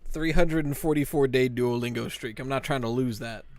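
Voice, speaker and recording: A young man live-streaming a horror game, chatting with viewers and telling groaner puns in an excitable, joking way. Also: mid-range voice, dry recording. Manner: excitable, quick yelps of frustration. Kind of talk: live-stream gameplay chat.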